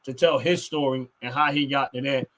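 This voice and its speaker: A man's voice: mid-range voice, fairly even intonation, brisk, over a noisy crowd. A man co-hosting a podcast in casual chat, rambling and filling with "you know what I mean". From Philadelphia. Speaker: podcast co-host.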